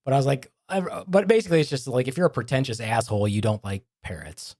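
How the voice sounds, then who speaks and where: A man hosts a casual podcast chat, his voice swinging up and down as he talks. He tells stories in a lively way and acts out the people he quotes. His pitch sits in the middle. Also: quick pace. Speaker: podcast host.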